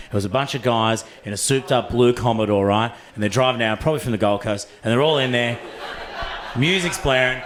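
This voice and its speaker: A young Australian man performing a profane, animated stand-up set in a comedy club, acting out voices as he tells stories. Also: mid-range voice. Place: comedy club stage with laughing audience. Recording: roomy club sound.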